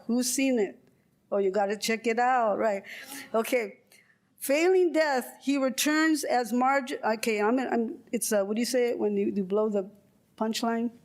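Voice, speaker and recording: A guest lecturer, an older woman from California with a medium-pitched voice, delivers a prepared lecture. She keeps a measured, rhetorical pace and interrupts herself with dry, joking asides.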